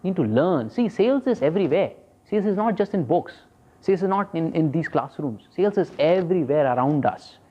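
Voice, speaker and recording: A man with an Indian accent, a sales trainer speaking to a live class. He is lively and teasing, asks "okay?" often and mixes Hindi into his English. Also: on the high side, a little fast, breathy edge. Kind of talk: live seminar talk to a class. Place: classroom with an audience. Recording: dull lo-fi sound.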